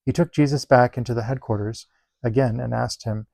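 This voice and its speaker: Gravelly man reading scripture. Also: mid-range voice, dry recording. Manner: measured, even read-aloud delivery. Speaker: Bible reader.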